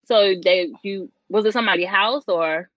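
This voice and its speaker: A woman hosting a casual interview, asking relaxed, chatty questions in slangy everyday speech. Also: mid-range voice, moderate pace, dry recording, dull audio. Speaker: interview host.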